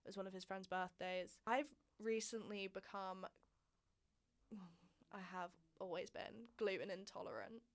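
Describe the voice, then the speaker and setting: A woman's voice: mid-range voice, steady tone, unhurried. A young woman in her twenties, telling a frank personal story in a candid, chatty way with plenty of swearing and emphasis. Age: 20s. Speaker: vlog host.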